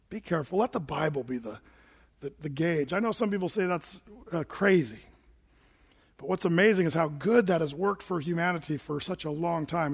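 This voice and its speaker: Male pastor, high voice, emphatic sermon delivery, big echoing hall. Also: breathy edge. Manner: animated, emphatic preaching with quoted asides. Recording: long hall reverb.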